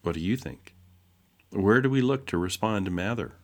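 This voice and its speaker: A man reading a devotional essay aloud in a measured way, posing rhetorical questions. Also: fairly low pitch, animated. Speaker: essay reader.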